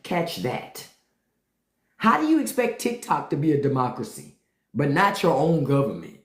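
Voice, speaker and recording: A woman's voice: low voice, huge pitch swings, normal speed. A woman hosting a live stream, ranting bluntly and profanely and mocking the people in her chat. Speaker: podcast host on a live stream. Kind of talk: unfiltered live-stream rant. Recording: echoey room.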